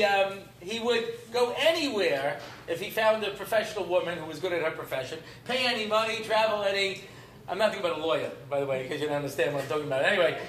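A man's voice: sits high, a bit bright. A middle-aged man teaching a class as a rabbi, in a humorous, rambling lecture style that mixes in Hebrew terms. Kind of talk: informal Torah lecture. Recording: roomy echo, faint room noise.

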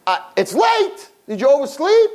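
A man's voice: medium pitch, sing-song, fairly quick, a little mellow, lightly acted, poor audio. A man voicing an old blind man in a nursing home who pleads and repeats himself insistently. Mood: panicked calling.

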